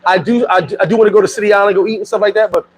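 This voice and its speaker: A middle-aged man from New York in a casual livestream. He talks in animated street slang, laughs often and reads out viewer comments. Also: sits high, very fast, breathy edge, low-quality recording. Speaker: vlogger.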